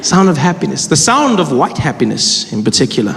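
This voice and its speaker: A man's voice: on the high side, very animated, fairly quick, vocal fry, fairly bright tone. A man in his thirties performing a stand-up comedy set, acting out the voices of the people in his stories. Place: large comedy venue with a live audience. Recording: live hall recording with crowd noise.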